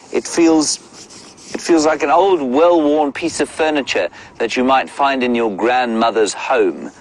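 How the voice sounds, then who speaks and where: A middle-aged safari guide chats live outdoors in the bush beside a safari vehicle, answering viewer questions in a wry, wordy way. His voice is medium-pitched, and the recording quality is low.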